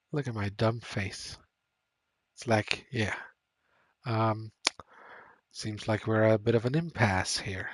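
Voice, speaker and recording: A man's voice: fairly low pitch, steady tone, slow, long pauses, no echo. A man streaming a game, thinking aloud and reading on-screen choices with lots of fillers. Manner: thinks aloud, reads game text, frequent fillers and laughs. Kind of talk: casual live-stream commentary.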